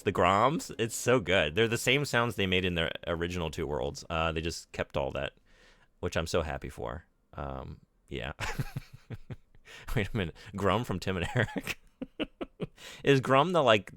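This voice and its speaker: A man streaming a game chats casually with viewers, reading and answering chat and poking fun at himself. His voice sits low and is a bit bright, on a dry recording.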